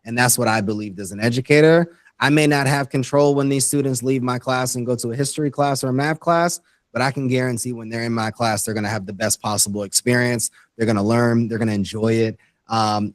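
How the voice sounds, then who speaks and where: A man's voice: mid-range voice, steady tone, brisk, no room sound. Earnest man explaining step by step. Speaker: guest educator. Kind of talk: interview conversation.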